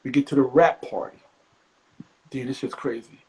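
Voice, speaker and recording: A middle-aged man from the US East Coast, a comedian guest telling profane stories with animated, high-pitched acted quotes. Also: moderate pace, breathy edge, low-quality recording. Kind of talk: animated storytelling.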